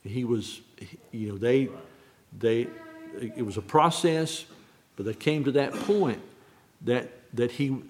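A man preaching on a Bible verse, halting and restarting often, repeating key phrases slowly. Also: mid-range voice, darkish tone. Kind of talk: sermon, unscripted Bible teaching.

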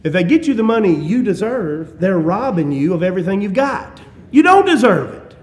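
Man, preacher, high voice, fervent sermon, shouts and hushed asides, folksy humor. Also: sing-song, normal speed. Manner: chuckles and folksy humor between points. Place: church.

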